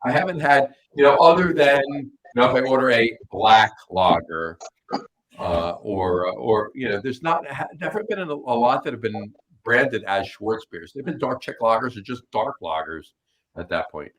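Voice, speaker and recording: A man's voice: mid-range voice, lively intonation, normal speed, fairly bright tone, slight background noise, low-quality recording. A man co-hosting a podcast, talking loosely and at length in a casual chat over beers. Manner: loose, rambling list-making. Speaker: podcast co-host.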